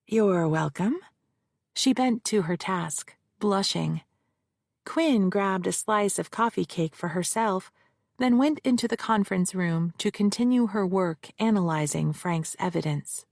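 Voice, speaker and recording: A woman narrating a mystery audiobook in the first person, with a measured, even reading and a gravelly voice. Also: mid-range voice, no echo, studio quality.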